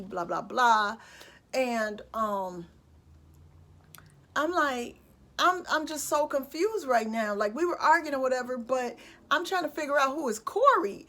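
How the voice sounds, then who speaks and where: A woman's voice: high voice, lively intonation, moderate pace, pushed and bright. A young adult woman vlogger telling a personal story in a casual, candid way, with lots of fillers and asides.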